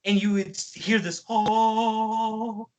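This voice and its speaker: A man's voice: medium pitch, lively intonation, a little slow, pushed and bright, lo-fi sound. A man giving a profane, exasperated ranting movie review as a film reviewer.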